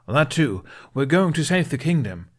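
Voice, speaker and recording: A man's voice: on the high side, sing-song, moderate pace, pitched above the performer's own voice. A man voicing a pompous, dramatic young Viking twin who makes heroic speeches. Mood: grandiose. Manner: grandiose, dramatic.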